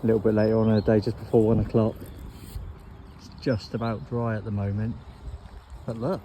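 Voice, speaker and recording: A man's voice: lowish voice, level tone, a little fast, long pauses, warm tone. Laid-back jokey man vlogging. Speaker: vlogger on a fishing trip. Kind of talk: casual vlog chat. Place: outdoors and in a car. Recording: lo-fi with noise.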